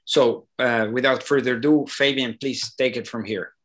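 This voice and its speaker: A man's voice: mid-range voice, steady tone, normal speed, a bit bright. Hesitant man handing over a webinar. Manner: hesitant, polite, many fillers. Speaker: hospital program director, co-presenter. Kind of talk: brief handover remarks.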